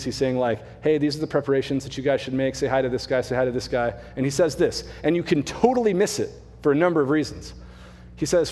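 A man's voice: on the high side, a little mellow. A young adult man, a mission pastor, preaching a conversational sermon with casual asides. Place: church sanctuary. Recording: church hall reverb.

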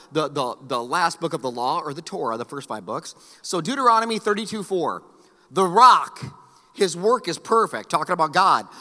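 Long hall reverb fills this recording of a middle-aged male pastor preaching in a large church hall. His voice is fairly high-pitched and sharp, and he mixes stories with joking asides to the congregation.

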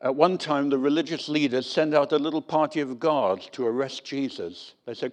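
A man's voice: medium pitch, normal speed, hardly any pauses. A man preaching a sermon, telling stories with wry humour. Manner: lively storytelling with wry humour.

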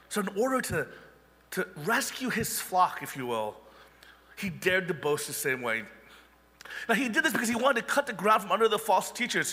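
Bright-voiced pastor preaching in a hall. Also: male voice, sits high. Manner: conversational preaching with wry asides. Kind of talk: sermon.

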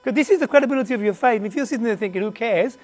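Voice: mid-range voice, very fast, darkish tone, soft background music. Conversational preacher quizzing a live class. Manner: questions the audience often and emphatically; conversational, with restarts and asides. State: slight cough. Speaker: preacher teaching a Bible class. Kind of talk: interactive Bible teaching to a live group. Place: standing before a group in a meeting room.

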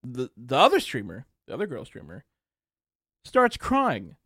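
Lively young man ranting on a podcast. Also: mid-range voice, a little slow, breathy edge, no echo, clean studio sound. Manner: ranting, laughing often, crude; acts out quoted people in raised voices. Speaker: podcast host. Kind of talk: casual solo rant.

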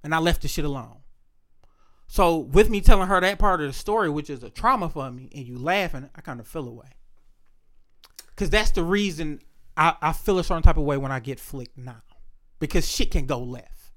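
A man telling a personal story in a casual chat, blunt and profane, retelling events with animated, acted-out quotes. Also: a little high, moderate pace.

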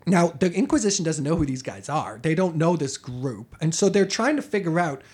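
A man co-hosting a podcast, telling a history story in a chatty, animated way with frequent restarts. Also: fairly high pitch, normal speed. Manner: animated, chatty, self-correcting. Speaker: podcast co-host. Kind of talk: casual conversational storytelling.

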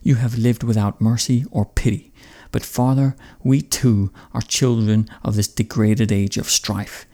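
A man's voice: fairly low pitch, steady tone, measured pace, dark tone. A man reading the lines of a blunt, defiant young warrior son, cold and direct.

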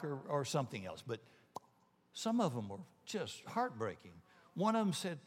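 A man's voice: a little high, sing-song, normal speed, darkish tone. A man preaching a sermon as pastor, talking to his congregation in a conversational, emphatic way with joking asides. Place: church sanctuary. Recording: long hall reverb.

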